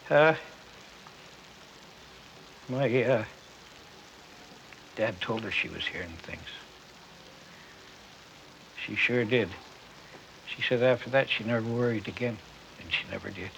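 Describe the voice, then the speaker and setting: An older man from Canada, a war veteran, recalling a memory in a halting way with many fillers. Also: fairly low pitch, gravelly, a bit bright, muffled recording, a little hiss or hum.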